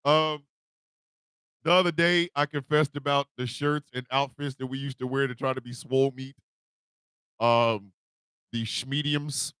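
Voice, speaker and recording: A man hosting a morning radio show, telling comic confessions with put-on voices and loud, laughing bursts. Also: medium pitch, moderate pace, long pauses, clear, resonant tone, dry recording. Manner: animated storytelling with put-on voices. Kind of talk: comedic radio monologue.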